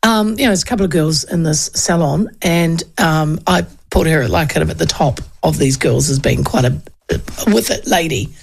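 Chatty New Zealand woman in her fifties with a gravelly voice. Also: deep voice, moderate pace. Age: 50s. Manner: chatty, digressive, with frequent fillers and laughs. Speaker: talk radio host. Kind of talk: casual political commentary.

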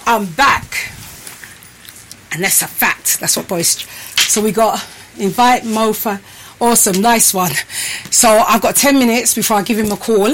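A woman's voice: medium pitch, unhurried, pauses often, a bit bright, slight background noise, low-quality recording. Breathless chatty woman hosting a live stream. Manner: chatty, addresses viewers as people and peeps. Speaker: host. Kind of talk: casual live-stream chat.

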